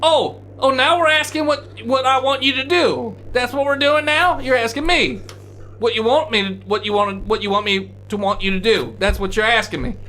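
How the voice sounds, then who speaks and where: A man's voice: very high-pitched, moderate pace, sharp tone, slight background noise, voice pushed up. A man voicing a grumpy, irritable townsman who rants and swears in exasperation. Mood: exasperated rant.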